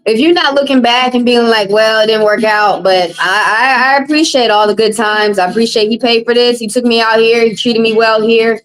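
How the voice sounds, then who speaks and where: A woman's voice: fairly high pitch, fairly even intonation, a little fast, hardly any pauses, poor audio. Woman, blunt, casual, salty, live-stream chat. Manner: blunt, casual, profane, talks straight to chat. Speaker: tarot reader.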